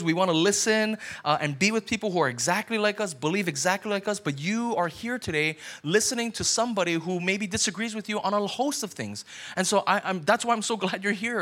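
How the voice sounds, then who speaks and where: A man's voice: sits high, fairly bright tone. A male pastor giving a conversational sermon, now and then acting out the doubting voices of his listeners.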